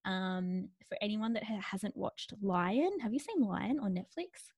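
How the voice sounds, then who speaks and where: A woman's voice: mid-range voice, sing-song, unhurried, a little mellow, slightly rough, dry recording, clean studio sound. A young woman co-hosting a podcast, telling stories in a chatty, self-mocking way and laughing often. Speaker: podcast co-host. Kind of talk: casual chat.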